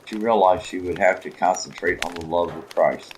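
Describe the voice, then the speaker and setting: A man narrating a religious story in a measured, solemn reading with occasional slips. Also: low-pitched, slight background noise, rough recording. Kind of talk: scripted audiobook narration.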